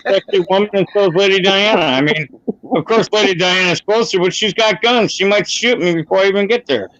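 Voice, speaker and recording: A man's voice: high-pitched, fairly quick, fairly bright tone, dry recording, highs cut off. A man calling in to a casual online talk show, joking crudely and flirting. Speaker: caller.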